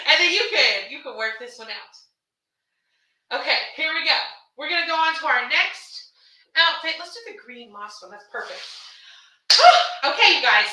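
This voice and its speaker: Bright, chatty woman on a livestream. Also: high-pitched, a little slow, long pauses, distant mic. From Houston, Texas. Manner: animated, chatty, calls viewers baby and honey. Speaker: fashion designer selling her gowns on a livestream. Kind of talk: casual livestream sales chat. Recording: echoey room, voice away from the mic.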